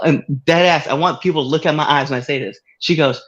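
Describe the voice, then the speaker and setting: A man co-hosting a podcast, telling a story in casual chat with frequent laughter and excited jumps in voice. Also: fairly quick, few pauses, muffled recording. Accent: Massachusetts. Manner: animated storyteller, laughs often, swings high when excited. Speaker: podcast co-host.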